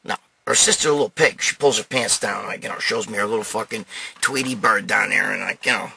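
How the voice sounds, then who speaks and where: A man's voice: lowish voice, a little fast, gravelly, sharp tone, breathy edge. A middle-aged man hosting a show, ranting and telling stories in a brash, profane, blunt way. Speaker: host. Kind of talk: profane monologue rant and storytelling.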